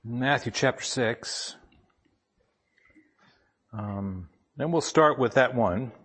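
Husky man telling a plainspoken story. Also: mid-range voice, slow pace, a bit bright. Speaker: lay speaker giving a devotional talk. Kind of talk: personal story sermon with scripture reading. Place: speaking up front to a gathering.

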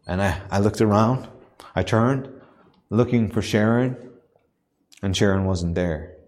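With a lowish, slightly mellow voice, a man preaches as a missionary in a church. His earnest personal story comes out haltingly at first, then takes on a preaching cadence.

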